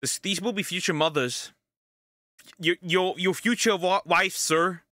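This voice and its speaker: A man's voice: high voice, a little slow, pushed and bright, no echo. A man streaming casual reaction commentary on clips, rambling and repeating himself as he laughs at his own jokes.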